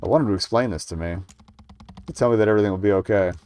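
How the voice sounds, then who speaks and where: A man's voice: on the low side, racing, a little mellow, clean tone. A man reading a story game's dialogue and narration aloud, stumbling and correcting himself now and then. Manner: reads plainly, small stumbles and self-corrections. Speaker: streamer reading a game demo aloud.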